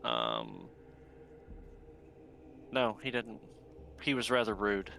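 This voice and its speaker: A man playing a tabletop game, answering in a slow, hesitant, deadpan way. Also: on the low side, vocal fry, a little hiss or hum. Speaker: player.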